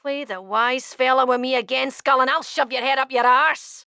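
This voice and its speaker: A prickly, gravelly young fiendish thief. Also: female voice, high-pitched, fairly even intonation, moderate pace, dry recording, clean studio sound, full character voice. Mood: scornful. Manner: blunt, threatening, sharp-tongued. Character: prickly young female tiefling thief with a tail. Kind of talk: video game dialogue.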